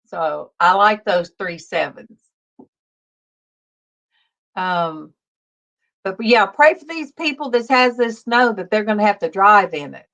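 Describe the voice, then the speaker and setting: Slow-talking Southern woman in her fifties. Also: medium pitch. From Alabama, US South. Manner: slow, soft-spoken, greets viewers by name. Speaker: livestream host. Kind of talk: casual livestream chat.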